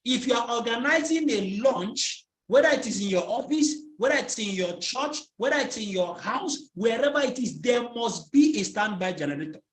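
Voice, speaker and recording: A man's voice: very high-pitched, animated, normal speed, few pauses, reverberant. A man with a Nigerian English accent giving a motivational training talk as a network marketing trainer. He keeps asking his listeners questions and has them fill in his sentences. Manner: drills the audience with repeated questions and fill-in-the-blank prompts.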